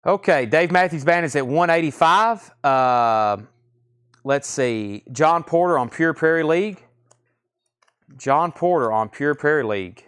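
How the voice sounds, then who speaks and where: A Southern-accented man runs a live-stream record auction, calling out titles and prices at a brisk clip and tossing in joking asides. His voice comes through smooth and clear. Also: on the high side, a bit bright. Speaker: live record sale host.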